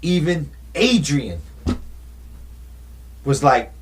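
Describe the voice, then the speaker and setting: A man retelling a movie in a casual, animated style, full of slang and rhetorical questions. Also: fairly high pitch, very slow, slight background noise. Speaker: movie commentator. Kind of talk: casual storytelling commentary.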